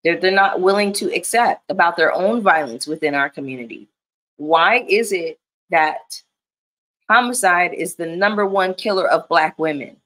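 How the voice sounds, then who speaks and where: Low-voiced woman in candid profane chat. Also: moderate pace, fairly bright tone. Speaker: commentary vlogger. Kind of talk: casual chat.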